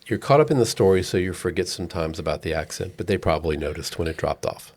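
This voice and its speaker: Deep-voiced man hosting a film podcast. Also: lively intonation, a little mellow. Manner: reads cast details, measured. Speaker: podcast host. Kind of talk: casual film discussion.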